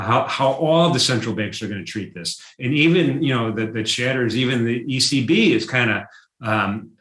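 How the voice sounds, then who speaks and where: A man hosting a live market-analysis stream, talking through charts in a conversational way, with many fillers and restarts, and getting excited over price moves. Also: on the low side, roomy sound. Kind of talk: live trading stream commentary.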